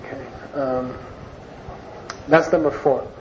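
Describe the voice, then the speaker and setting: In an informal Buddhist class, a man with a mid-range voice and fairly even intonation talks in a chatty, unhurried way. He restates key words and phrases so they sink in, and the muffled lo-fi recording carries a soft hiss.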